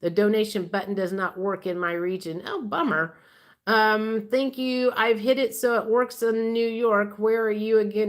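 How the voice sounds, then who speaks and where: A woman's voice: mid-range voice, level tone, moderate pace. Tarot livestream host, woman, chatty and easygoing, reads comments aloud, mid-range voice. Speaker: tarot reader hosting a livestream. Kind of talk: casual livestream chat, reading viewer comments.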